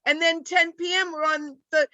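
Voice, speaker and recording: An older woman with a New York accent delivers a rambling stand-up set in a deadpan way, speaking over a video call. Her voice sits high and sounds bright. The audio is dry and dull, like a lo-fi computer mic. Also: normal speed, no echo. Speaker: stand-up comic.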